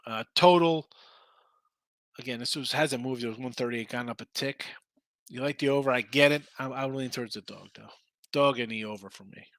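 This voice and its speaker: A sports betting show host with a medium-pitched, somewhat bright voice talks fairly quickly, with no echo. During his casual live stream he reads viewer comments, speaks directly to the chat, and launches into loose rants.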